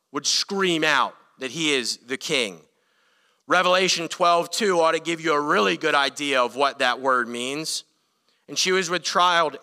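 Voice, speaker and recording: An earnest male pastor delivers a sermon with emphatic, rising intensity. His voice is bright and sharp, clear and resonant. Long church reverb hangs behind every phrase. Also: on the high side. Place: church sanctuary.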